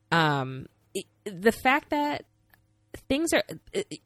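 Low-voiced woman podcast co-host. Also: dry recording, studio quality. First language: not English. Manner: playful, hunts for words, dramatic turns of phrase. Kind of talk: casual recap chat.

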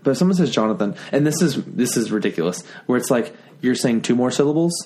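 A man's voice: medium pitch, lively intonation, fast talker, a little mellow, a little hiss or hum. A young man hosting a podcast in casual chat, rambling and breaking off mid-thought. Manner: rambling, self-interrupting, whispers asides to listeners. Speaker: podcast host.

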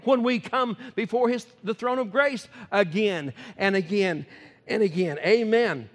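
A high-pitched man preaching a sermon in a folksy, chuckling manner. He swings from loud exclamations to quiet asides. His voice rings with the long reverb of a church hall. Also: a little slow. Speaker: pastor.

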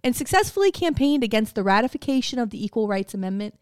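A woman's voice: fairly high pitch, big pitch swings, fast talker, darkish tone, smooth, no room sound, clean studio sound. A woman co-hosting a podcast, telling a story in a casual, joking and profane way. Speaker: podcast co-host.

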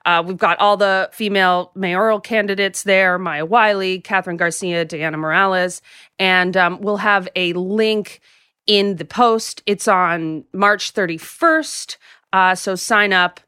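A woman's voice: mid-range voice, bright, forceful tone, clean tone, dry recording, studio quality. A woman co-hosting a podcast, running through events and news in an upbeat, chatty way with plenty of fillers. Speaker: podcast co-host. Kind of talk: casual news rundown. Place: home in a city, remote recording.

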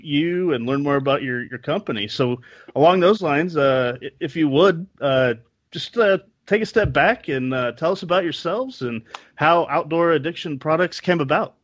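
A man's voice: a little high, dry recording. A man hosting a hunting podcast, friendly and folksy, reading promos. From Texas. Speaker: podcast host. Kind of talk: casual podcast chat.

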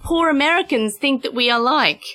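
Tipsy giggly lady guest on a podcast, high bright voice that jumps around. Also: moderate pace. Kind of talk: casual podcast chat.

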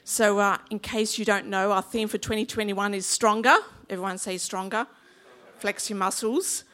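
A woman's voice: mid-range voice, fairly even intonation, normal speed, a bit bright. A woman in her fifties with an Australian accent, preaching a sermon in a chatty, humorous way and drawing in the congregation. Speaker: pastor.

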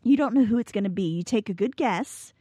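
A woman talks openly about her business in a relaxed podcast chat. She rambles and often restarts her sentences. The sound is close and dry. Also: medium pitch, fairly quick, slightly rough, dry recording. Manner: candid, rambling, self-correcting with restarts and laughs. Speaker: business owner guest.

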